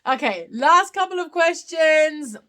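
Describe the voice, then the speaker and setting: A bright, fairly high-voiced Irish woman answers viewer questions on a casual live stream. She talks openly and warmly into the phone, with lots of fillers and restarts as she thinks aloud. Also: expressive, slow pace. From Ireland. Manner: chatty and open, many fillers and restarts.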